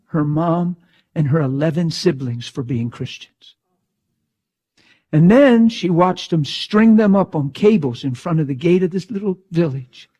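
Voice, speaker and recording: Husky preacher with dramatic swings. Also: male voice, a little high. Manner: dramatic swings from hushed to loud outbursts. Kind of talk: sermon storytelling.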